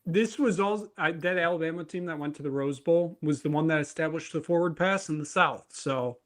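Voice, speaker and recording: A man's voice: on the high side, brisk, a bit bright. A young man hosting a casual sports betting show, chatty and tripping over his words. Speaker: host.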